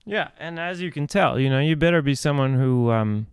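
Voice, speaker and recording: A man's voice: fairly high pitch, animated, normal speed, clean tone, no room sound. A man hosting a casual video chat about singing, rambling and restarting his thoughts. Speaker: host.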